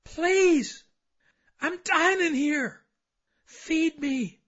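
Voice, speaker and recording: A man's voice: very high-pitched, flat delivery, a little slow, a little mellow, husky, voice pushed up, full character voice. A man voicing a starving human spirit that pleads desperately to be fed, in a dull lo-fi recording. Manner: desperate screaming plea. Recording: dull lo-fi sound.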